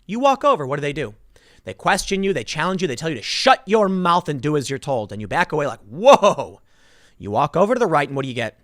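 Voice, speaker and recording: A man giving opinionated, sarcastic commentary for his vlog in an emphatic, animated way. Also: a little high, no echo. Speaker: political commentator. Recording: dry close-mic sound.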